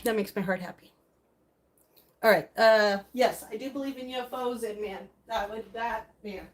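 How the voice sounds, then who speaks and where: Middle-aged woman, slightly high voice, casual live-stream chat, reacts to viewer comments, emotional, laughs easily. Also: moderate pace.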